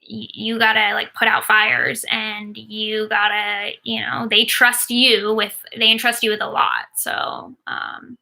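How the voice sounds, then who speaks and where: A woman's voice: medium pitch, level tone, slow, gravelly, few pauses, bright, forceful tone. A woman in her thirties, a sports agent, casually answering viewer questions while watching a game, with many ums and likes.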